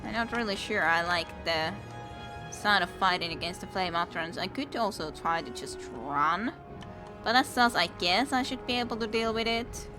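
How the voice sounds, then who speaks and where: A young woman streams a game, giggling and chatting as she talks to the enemies she's fighting, with video game music playing under her voice. She speaks at a moderate pace with medium pitch and lively intonation in this casual let's-play commentary.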